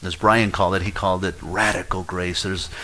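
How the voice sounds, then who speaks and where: Pastor, male, low voice; conversational sermon that swells into pleading prayer. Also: fairly even intonation, fairly quick, bright, forceful tone, a little hiss or hum, poor audio. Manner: pleading, rises in pitch and volume when acting out prayers; conversational, with fillers and restarts. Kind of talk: expository sermon.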